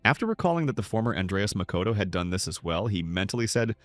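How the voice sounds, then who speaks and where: A man's voice: lowish voice, very animated, fast talker, hardly any pauses, dry recording, soft background music. A man narrating a scripted story recap.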